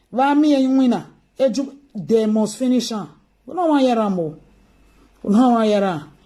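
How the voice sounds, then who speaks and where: A Nigerian woman with an Edo Pidgin English accent gives emphatic political commentary on a livestream, repeating her key phrases. Her voice is a little high with a warm tone.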